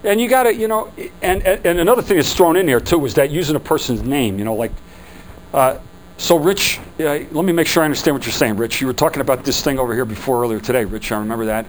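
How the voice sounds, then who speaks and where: A man leading a sales training seminar for a group, lively and acting out customer quotes. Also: mid-range voice, quick pace, a little hiss or hum, low-quality recording. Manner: animated, acts out customer quotes.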